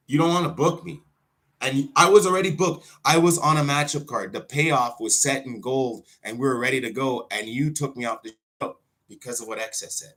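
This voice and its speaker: A wrestler hosting his own show, ranting in an unscripted way, full of swearing, with sudden loud outbursts that drop back to muttering. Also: medium pitch, a little fast. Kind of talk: unscripted profane rant.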